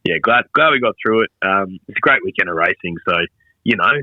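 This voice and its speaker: A man's voice: sits low, a little fast, dry recording, dull audio. A sick man co-hosting a horse racing podcast from a remote line, easygoing and hesitant with plenty of ums. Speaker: podcast co-host. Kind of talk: casual racing podcast chat.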